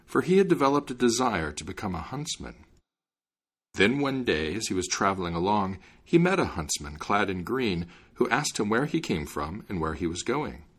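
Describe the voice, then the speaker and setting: A man reading a fairy tale aloud in a lively, expressive storytelling manner. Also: sits low, husky. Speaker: reader.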